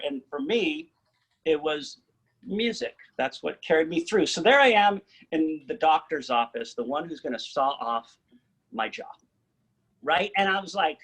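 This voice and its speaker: A man telling his own story casually to an audience, animated and joking at his own expense. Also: mid-range voice, rough recording. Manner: animated, joking, self-mocking. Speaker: singer-songwriter and cancer survivor speaker.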